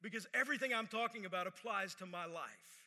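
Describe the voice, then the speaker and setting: A man preaching a sermon to a church service in a conversational way. He repeats phrases and drops to a hush for emphasis. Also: high-pitched, a little fast, big-room sound. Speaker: pastor.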